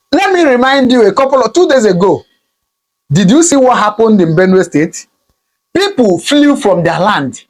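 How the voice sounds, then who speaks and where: A man's voice: high-pitched, very animated, moderate pace. A man with a Nigerian accent hosting his own political commentary video, talking in an impassioned, emphatic way and slipping into pidgin phrases. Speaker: channel host.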